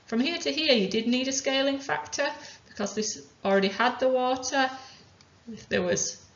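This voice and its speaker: A woman chemistry teacher calmly talking through worked examples step by step. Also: sits high, normal speed. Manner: methodical, talks through each step aloud. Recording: roomy, dull lo-fi sound.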